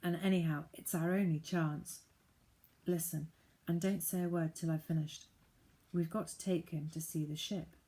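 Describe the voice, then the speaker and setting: Woman reading as a hushed, urgent young girl. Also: low voice, fairly even intonation, moderate pace, close to an everyday voice. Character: quick-thinking young girl with a plan.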